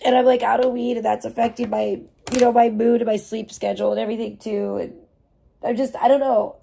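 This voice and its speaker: Young woman streamer, casual venting monologue, frustrated and profane, slightly high voice. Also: fairly even intonation, brisk, creaky, warm tone, a little hiss or hum. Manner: frustrated, swearing, rambling with many fillers. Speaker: livestreamer.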